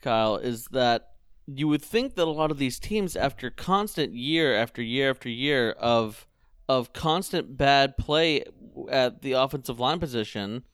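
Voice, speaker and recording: A young man hosting a casual sports chat podcast, animated and jokey as he tells stories. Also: medium pitch, unhurried, smooth, no room sound, clean studio sound. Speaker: podcast host. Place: home room with TV on behind.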